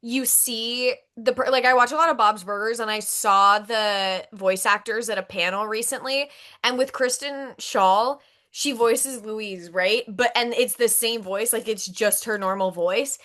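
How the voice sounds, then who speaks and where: A young woman on a casual podcast, talking in a rambling, chatty way with plenty of fillers. Her voice sits a touch high and sounds very bright and sharp. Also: steady tone, a little slow. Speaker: podcast co-host. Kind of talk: casual chat.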